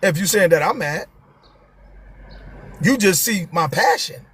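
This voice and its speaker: A man's voice: high voice, expressive, a little slow, fairly bright tone, breathy edge. A man, hosting a live stream and talking to viewers with passion, repeating his key phrases for emphasis.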